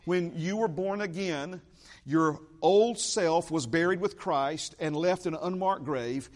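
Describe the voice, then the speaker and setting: Man, pastor, sermon, emphatic, repeats key lines, slightly high voice. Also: unhurried. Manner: emphatic, repeats key phrases, asides to the congregation.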